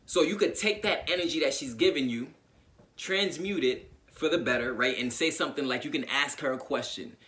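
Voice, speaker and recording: A man gives a motivational talk to his online audience. His voice is bright and clear. He speaks casually, circles back to repeat his points, and keeps checking in with his listeners. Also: medium pitch, fairly quick. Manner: informal and conversational, often checks in with "right?". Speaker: self-help YouTuber.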